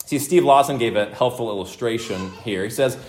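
A man's voice: mid-range voice, brisk, darkish tone. A man preaching an expository sermon, stressing his points by repeating them and putting questions to the congregation. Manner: emphatic, repeats points for emphasis, asks the room questions. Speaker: pastor.

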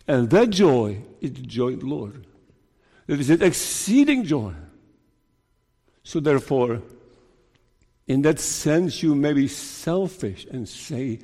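A man preaching an earnest sermon as minister, with slow deliberate delivery and emphatic rises. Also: mid-range voice, sing-song, mellow, big-room sound.

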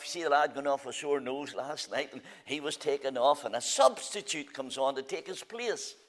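A man delivers a sermon to a church meeting with real fervour. His voice sits a little high, and it rises to loud declarations before dropping to quiet, drawn-out phrases. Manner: fervent, rising and falling, drawn-out phrases. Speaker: preacher.

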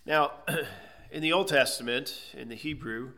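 A man's voice: medium pitch, unhurried, sharp tone. A man preaching an expository sermon, teaching emphatically and asking rhetorical questions. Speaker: pastor.

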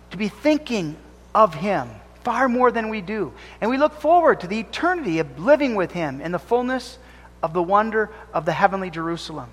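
A man's voice: high-pitched, fairly bright tone. A man preaching a sermon as pastor, fervent and emphatic, rising and falling as he drives points home. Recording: long reverb of a church hall.

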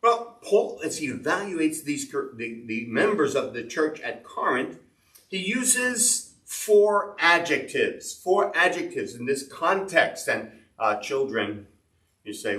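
A man's voice: a little high, very animated, slow, fairly bright tone. A man preaching a sermon as a pastor, earnestly explaining scripture and reading verses aloud. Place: church. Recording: echoey church room, mic at a distance.

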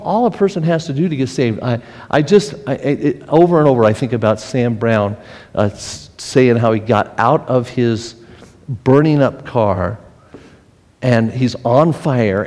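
A male pastor delivering an earnest sermon, with frequent restarts and swings in pace and pitch. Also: a little slow, darkish tone. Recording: long hall reverb.

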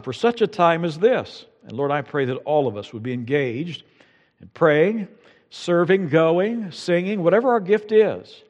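A man pastor preaching a sermon in a church, telling stories with conversational asides. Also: fairly high pitch. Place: church sanctuary with long reverb. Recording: reverberant church hall.

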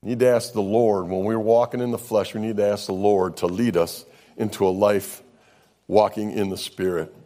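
A man's voice: fairly low pitch, steady tone, moderate pace. Folksy preaching man. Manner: preaching with wide swings from loud to hushed; folksy storytelling, says "man" often. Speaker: pastor. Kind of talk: sermon.

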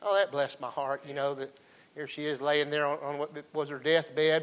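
A man delivers a folksy sermon and keeps calling out to his congregation. His voice is bright and sits a little high for a man. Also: steady tone, moderate pace, low-quality recording. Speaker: pastor.

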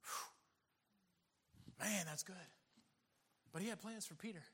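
A man's voice: high voice, takes it slowly, breathy edge. A man preaching a sermon, laughing often and acting out the people in the story. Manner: animated, laughing often, acting out quoted voices. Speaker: pastor.

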